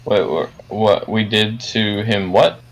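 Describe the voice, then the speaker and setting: A man's voice: on the low side, takes it slowly, low-quality recording. A man playing a tabletop role-playing game, joking and hesitant, with some swearing. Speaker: player. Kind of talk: casual tabletop game play.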